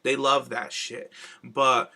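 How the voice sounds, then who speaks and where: Bright, animated male podcast host. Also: mid-range voice, takes it slowly, creaky. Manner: animated, swears, mimics others in mock voices. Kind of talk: casual chat.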